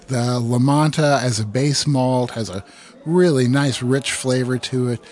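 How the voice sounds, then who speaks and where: A man co-hosting a homebrewing podcast, talking in a relaxed, matter-of-fact way. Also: medium pitch, measured pace. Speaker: podcast co-host. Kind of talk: casual chat.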